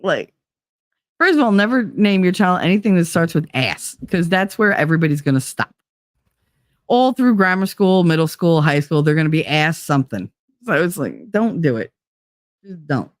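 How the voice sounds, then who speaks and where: Short on sleep, a New Jersey woman hosting a livestream talks to her chat in a very animated, lowish voice at normal speed, swearing freely and getting easily sidetracked. The recording is studio quality, with no echo.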